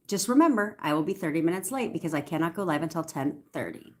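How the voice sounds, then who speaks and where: A woman's voice: deep voice, lively intonation, fast, few pauses. A young woman coaching viewers in a casual livestream Q&A, chatty and upbeat, repeating affirmations. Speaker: manifestation coach.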